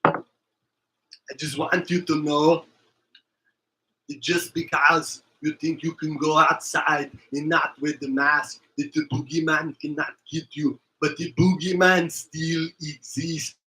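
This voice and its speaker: A man doing a comic impression of an older action-movie muscleman, making slow, emphatic, repetitive pronouncements. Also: on the high side, level tone, pushed and bright, rough recording. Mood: mock-serious.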